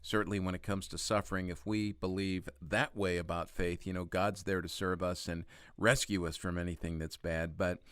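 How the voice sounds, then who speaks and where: Low-voiced man hosting a faith podcast. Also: little pitch movement, a bit bright, smooth, no room sound, studio quality. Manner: halting, with many fillers. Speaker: podcast host. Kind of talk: interview questions.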